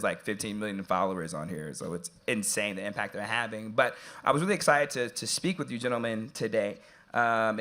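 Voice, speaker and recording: A man moderating a live event, telling an animated, jokey story to the audience that turns quiet and earnest. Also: mid-range voice.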